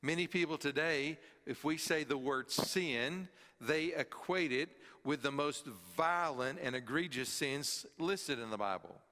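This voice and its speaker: Middle-aged guy preaching, bright punchy voice, big echoey church hall. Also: measured pace, hardly any pauses. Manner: earnest preaching, rising to emphatic peaks and dropping low. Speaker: pastor. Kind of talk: sermon. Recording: long hall reverb.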